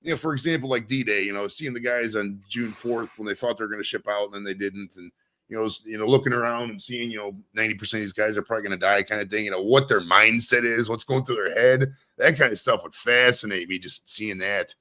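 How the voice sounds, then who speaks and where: A man's voice: on the low side, fast talker, pushed and bright. A man in his forties hosting a podcast interview, rambling casually, swearing and laughing often. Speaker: podcast host.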